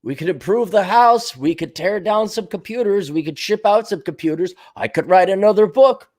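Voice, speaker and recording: A man's voice: high voice, expressive, moderate pace, a little mellow. A man hosting his podcast alone, rambling and musing aloud in a sardonic way, slipping into little voices for his own thoughts. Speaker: podcast host. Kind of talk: rambling solo monologue.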